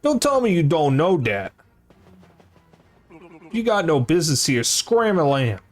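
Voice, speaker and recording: A man's voice: a little high, sing-song, measured pace, faint music behind. A man voicing a brash young male mob henchman with a put-on gangster accent, full of wisecracks. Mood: threatening.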